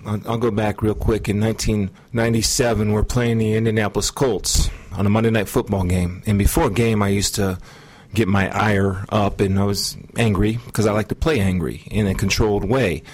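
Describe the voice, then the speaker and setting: Low-voiced guy in his 40s, earnest and slow, sharing his story. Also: level tone, a little mellow. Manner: earnest, measured storytelling with frequent pauses. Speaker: guest sharing testimony. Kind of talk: personal testimony in interview.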